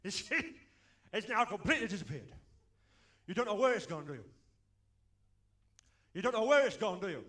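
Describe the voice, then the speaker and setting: A man's voice: sits high, sing-song, normal speed, pauses often, a bit bright. A man playing a middle-aged stage magician-comedian on a club stage, chuckling and muttering between one-liners and botched tricks. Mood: bumbling. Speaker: tribute comedian.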